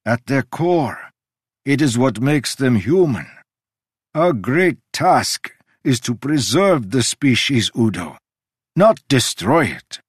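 A man voicing an ancient male god who lectures in a sweeping, emphatic way, with sudden jumps in pitch. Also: big pitch swings, takes it slowly, breathy edge, dry recording, clean studio sound, full character voice. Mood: earnest. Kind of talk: audiobook character reading.

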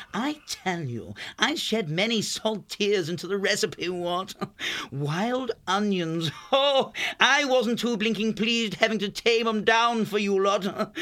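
A man's voice: high-pitched, sharp tone, voice pushed up, full character voice. A man voicing a vain, greedy young male hare with a plummy, boastful, whining manner in an audiobook. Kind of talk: audiobook character voice.

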